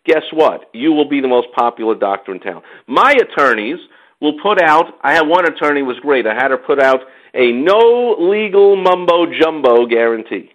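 A man hosting a talk show, telling stories in a lively, chatty way and acting out other people's voices when he quotes them. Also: on the high side, normal speed, dull audio. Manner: animated storytelling, mimics others in quotes. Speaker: podcast host. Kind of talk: casual chat.

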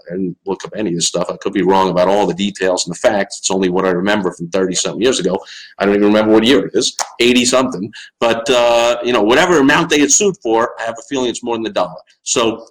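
On a live-stream show, a middle-aged host with a Long Island, New York accent fires off sarcastic rants and replies to comments from viewers, animated and prone to loud mocking asides. He has a lowish voice, captured with poor audio.

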